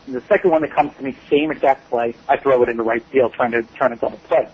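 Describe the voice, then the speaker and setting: A man's voice: mid-range voice, fast talker, husky, muffled recording. A man being interviewed as a wrestling guest, telling rambling stories and laughing often. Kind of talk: shoot interview storytelling.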